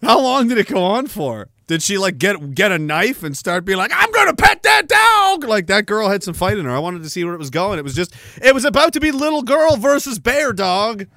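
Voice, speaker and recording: High, bright-voiced sardonic male podcaster. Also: expressive, fairly quick, hardly any pauses, no echo, studio quality. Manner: sardonic, profane, laughing at his own jokes. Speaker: podcast host. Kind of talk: casual ranting commentary.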